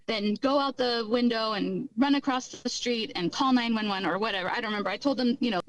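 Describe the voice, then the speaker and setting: A middle-aged woman tells her own story with candid, earnest detail. Her voice sits a little high, and it is recorded close and dry with no room sound. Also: brisk, few pauses, no echo, muffled recording. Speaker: guest recounting her life. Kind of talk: personal testimony interview.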